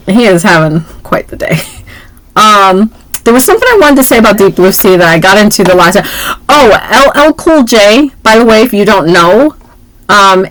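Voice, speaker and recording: A woman co-hosting a casual movie chat, playful and animated, joking around as she talks. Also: medium pitch, poor audio. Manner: playful, animated, jokes and puts on voices. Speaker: podcast co-host.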